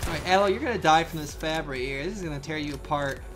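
A young man giving excitable live commentary on a survival game he is playing, with frequent outbursts and laughs. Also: a little high, quick pace, background noise. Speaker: gaming channel host. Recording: faint game music behind.

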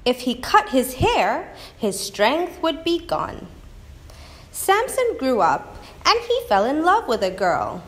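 A woman teaching a church lesson, telling a Bible story in a slow, expressive storytelling manner. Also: sits high.

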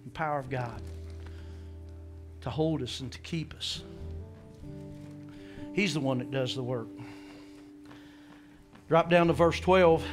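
Animated preaching man, faint music behind. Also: mid-range voice, slow pace, pauses often. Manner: animated preaching, acting out scripture voices, asking the congregation. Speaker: pastor. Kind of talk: sermon.

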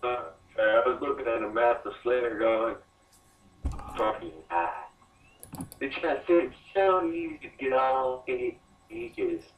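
A man joining over voice chat, talking quietly and haltingly with a glitchy, robotic-sounding voice. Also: medium pitch. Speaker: guest friend on voice chat. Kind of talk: casual game advice. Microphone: online voice chat. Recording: laggy voice chat, distant, echoey, dull.

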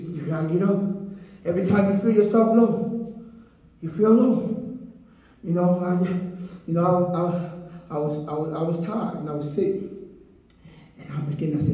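A man ministering in an impassioned sermon, swinging into shouts and half-sung phrases. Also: high voice. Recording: echoey hall from far off.

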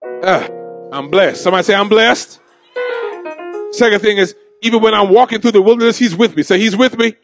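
A man's voice: high-pitched, fairly quick, long pauses, music in the background. A man preaching a sermon in a church, calling on the congregation to answer back. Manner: shouting preacher with call-and-response. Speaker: pastor. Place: church sanctuary.

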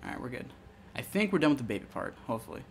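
A man's voice: mid-range voice, rapid-fire, creaky, a little hiss or hum. Swearing, jumpy young gamer guy. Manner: swearing, jumpy and excitable, yelps when startled. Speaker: let's play gamer. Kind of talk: casual horror game commentary.

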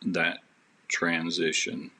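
A man's voice: low-pitched, completely flat delivery, very slow, sharp tone. A man who is a podcast guest, telling a personal story with faith at its heart in an earnest, rambling way, with many restarts.

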